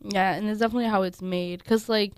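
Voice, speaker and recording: A woman's voice: medium pitch, steady tone, fast talker, clean tone. A woman co-hosting a casual chat, talking hesitantly with many restarts and ums. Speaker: podcast co-host.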